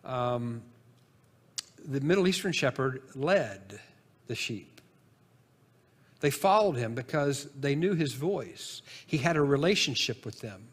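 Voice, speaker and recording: A man's voice: mid-range voice, animated, slow pace, long pauses, husky, long reverb tail. A man preaching a sermon as pastor in a church, in a conversational, folksy way with asides and restarts, from the northern United States.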